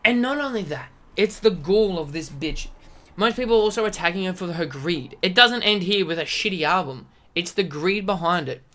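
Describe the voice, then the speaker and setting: A woman's voice: fairly low pitch, lively intonation, moderate pace, a bit bright. A woman streamer ranting aggressively with lots of swearing and exasperated outbursts. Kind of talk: profane ranting commentary.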